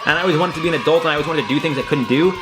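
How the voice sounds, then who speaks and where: Speaking very fast in a fairly high voice, this young man reacts to tweets from his room over background music, using a desk mic at his computer. His casual commentary is animated and joking, full of rambling, swearing, and laughter at his own gags.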